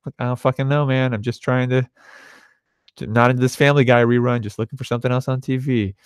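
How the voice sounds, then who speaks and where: A man's voice: mid-range voice, steady tone, fast, smooth, dry recording, studio quality. A young man co-hosting a podcast, telling a profane anecdote casually and animatedly, quoting other people in his own voice. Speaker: podcast co-host. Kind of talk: casual storytelling chat.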